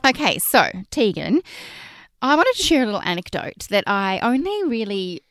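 A woman's voice: fairly high pitch, sing-song, normal speed, a bit bright, faint music behind. A young Australian woman co-hosting a parenting podcast, talking in an outgoing, chatty way from a closet at home. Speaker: podcast co-host. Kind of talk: casual podcast chat. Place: closet at home, recording remotely.

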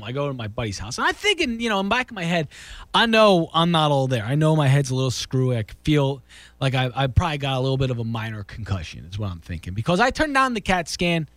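Animated man telling a story. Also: medium pitch, quick pace, no echo. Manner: animated, acts out quotes, restarts sentences. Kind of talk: casual storytelling to camera.

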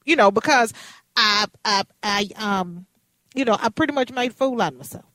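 A woman in her fifties, a radio host, telling a story in a lively, dramatic, playful way. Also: a little high, moderate pace, no echo. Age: 50s.

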